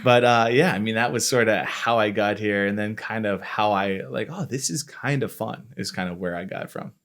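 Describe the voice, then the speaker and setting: Guy from florida in his 30s, slightly low voice, rambly and jokey about himself, casual interview chat. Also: steady tone, fairly quick, fairly bright tone, smooth. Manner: rambling, self-mocking, acts out his own past thoughts. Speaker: podcast host, company marketing lead.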